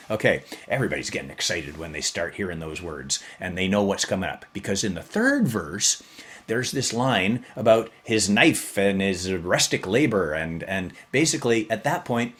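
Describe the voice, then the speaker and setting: A man hosting a podcast, explaining and retelling in a casual, jokey way, jumping up in pitch for emphasis. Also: sing-song, normal speed, a bit bright. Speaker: podcast host.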